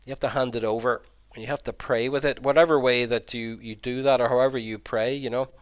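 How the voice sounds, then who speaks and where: A man's voice: mid-range voice, fairly even intonation, quick pace, clear, resonant tone. A middle-aged Irish man, a priest, telling a personal story over slides on a video call in an earnest, reflective way, often repeating words. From Ireland. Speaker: Jesuit priest and pilgrim guide giving a talk.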